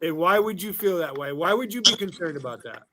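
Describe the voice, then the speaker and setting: Brash high-voiced foul-mouthed man. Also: animated, brisk, heavy background noise. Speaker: streamer and panel host. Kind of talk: casual profane banter.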